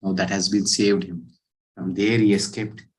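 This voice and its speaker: A man giving a scripture class, telling a parable in an animated way and acting out the characters' lines. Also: sits low, normal speed, rough recording. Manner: animated storyteller, acts out quoted characters. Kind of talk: storytelling sermon.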